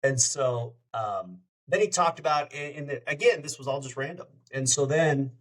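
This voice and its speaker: A man who hosts a radio show, telling a story in a casual, lively way as a podcast guest. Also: mid-range voice, moderate pace. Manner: lively anecdote-telling, acts out quoted dialogue.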